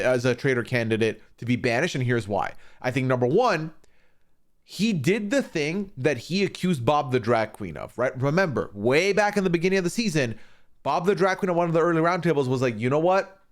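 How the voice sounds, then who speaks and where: Brisk and fairly high-pitched, a man streams his loose take on a reality show. He curses often, stays animated, and plays out what the cast members said.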